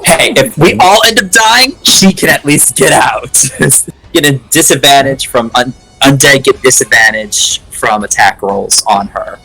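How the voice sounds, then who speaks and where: Bright-voiced man playing a tabletop game. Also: medium pitch, measured pace, creaky, slightly rough, faint music behind, poor audio. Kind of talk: casual tabletop play.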